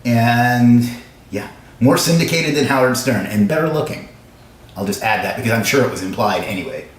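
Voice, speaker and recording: Fast-talking joking man in an echoey room. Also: medium pitch, animated, slight background noise. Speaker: livestream host. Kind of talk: casual live stream chat with viewers. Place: indoor room with echo. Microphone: livestream camera setup.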